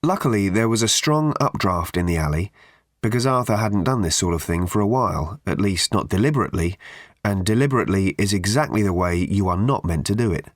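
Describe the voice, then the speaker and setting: A man narrating an audiobook with dry, expressive storytelling. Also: fairly low pitch, brisk, no room sound. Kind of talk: scripted narration.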